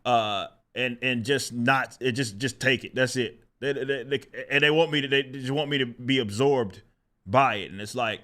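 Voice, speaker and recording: A man's voice: medium pitch, normal speed, sharp tone. A man hosting his own channel, venting in casual, profane, exasperated commentary and often breaking into laughter. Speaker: channel host.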